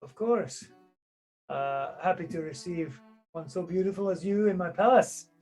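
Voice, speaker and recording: A game master voicing a drunken, blustering middle-aged king who talks in a raised, gruff, jovial way. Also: medium pitch, a little slow, darkish tone, faint music behind.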